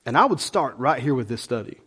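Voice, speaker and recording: Lively, animated male pastor preaching. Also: mid-range voice, a little fast, slightly rough. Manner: conversational, animated preaching with folksy asides. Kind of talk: sermon.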